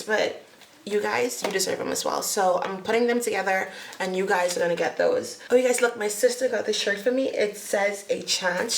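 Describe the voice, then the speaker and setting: A woman's voice: medium pitch, gravelly, echoey room. A young woman from the Bahamas, chatting to camera as a beauty vlogger, rambling and laughing at herself. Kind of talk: casual chat to camera.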